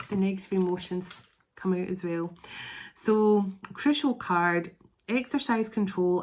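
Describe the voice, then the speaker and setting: Middle-aged woman, tarot reader, chatty and meandering, mid-pitched, faint hiss behind. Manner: rambling, chatty, laughs often, restarts phrases. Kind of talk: casual spoken tarot reading.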